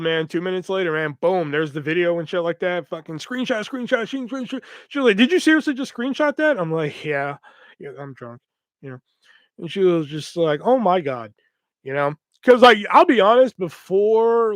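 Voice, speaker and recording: A man's voice: on the high side, a bit bright, dry recording. A man hosting a podcast, telling a rambling story in casual chat, swearing constantly and full of fillers. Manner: rambling, profane, lots of fillers. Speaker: podcast host.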